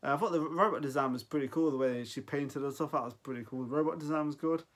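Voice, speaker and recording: A man's voice: a little high, quick pace. A man in his forties giving an off-the-cuff film review, rambling and often losing his thread mid-sentence. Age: 40s. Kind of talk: casual unscripted film review.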